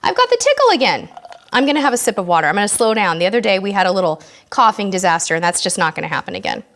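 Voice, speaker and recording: A woman's voice: mid-range voice, rapid-fire, a bit bright. A woman hosting a casual live-stream Q&A, reading out viewers' questions and answering them in a friendly, chatty way. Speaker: host of a live cruise Q&A.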